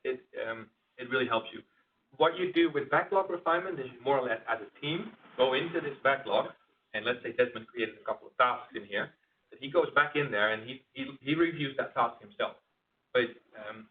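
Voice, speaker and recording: A man's voice: mid-range voice, slight background noise. Man presenting, casual and conversational, heard from across the room, thin phone-like sound. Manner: conversational, with frequent restarts and fillers. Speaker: presenter at an internal company talk. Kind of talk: informal presentation. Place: meeting room. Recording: distant, phone-like tinny sound.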